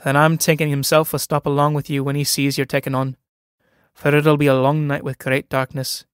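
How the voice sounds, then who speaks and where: A man's voice: on the high side, little pitch movement, fast talker, smooth, no echo, clean studio sound, close to an everyday voice. A man playing a timid, awkward young suitor.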